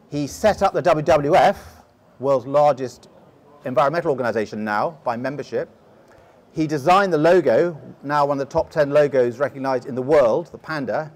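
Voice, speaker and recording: A middle-aged man with a posh English accent, telling long stories as a guest in an interview, often restarting his sentences. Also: mid-range voice. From England. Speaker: guest explorer. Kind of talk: storytelling interview.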